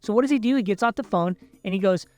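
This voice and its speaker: A video host tells a personal story casually, talking fast in a high voice with fillers and asides, treating his viewers as people. His retelling is chatty and animated, with soft music playing behind him.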